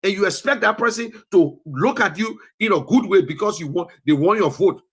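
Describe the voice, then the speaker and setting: A man's voice: high voice, expressive, fairly quick, husky. A man speaking Liberian English, giving a passionate political commentary that rises into scolding peaks. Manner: preachy, rising to scolding peaks. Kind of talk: impassioned political talk show monologue. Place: lives in the US.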